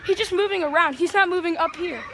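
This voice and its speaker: A woman acting in an amateur horror skit in a backyard at night, panicky, switching between shouting and whispering. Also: very high voice, fast. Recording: noisy outdoor home recording.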